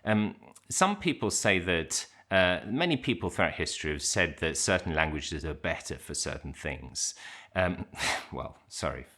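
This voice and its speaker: A middle-aged man with a very low voice that still comes across bright and forceful. He talks casually and reflectively, thinking aloud, with plenty of fillers, false starts and restarts. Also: expressive, measured pace. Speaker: English teacher and channel host. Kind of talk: casual reflective talk to camera.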